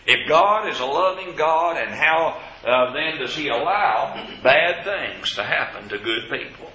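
A man preaching an evening Bible study, teaching slowly and deliberately and quoting scripture. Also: fairly high pitch, lively intonation, sharp tone. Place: church classroom with a board. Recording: roomy, dull lo-fi recording.

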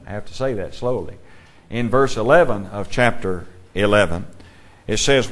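A man's voice: on the low side, moderate pace. Man teaching a Bible class; asks questions, reads verses aloud.

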